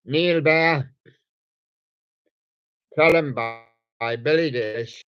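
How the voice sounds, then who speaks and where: Guy rambling on his live radio show, mumbly and slow, dull lo-fi sound. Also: a little high, smooth. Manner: meandering, mumbling, talks to toy guests. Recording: dull lo-fi recording.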